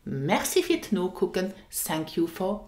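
A woman teaching a language lesson, speaking slowly and carefully and repeating each example phrase. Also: fairly low pitch, very animated, a little mellow, echoey room.

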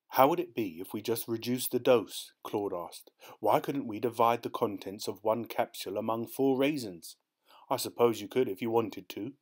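A man's voice: lowish voice, darkish tone. A man narrating an audiobook, reading the dialogue of both characters himself with small shifts of tone.

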